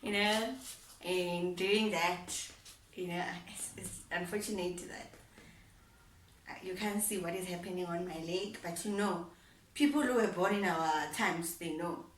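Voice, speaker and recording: A young woman vlogging about her life, animated and laughing as she acts out both sides of past conversations. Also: on the low side, unhurried, distant mic, slight background noise. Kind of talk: personal storytelling. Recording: roomy echo, voice set back from the mic.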